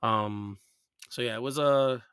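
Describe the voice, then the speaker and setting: A man's voice: mid-range voice, fairly even intonation, slow pace, a bit bright, smooth, no room sound, studio quality. An American man hosting a podcast, chatting casually with many fillers and restarts. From United States. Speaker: podcast host. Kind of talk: casual chat. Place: New York.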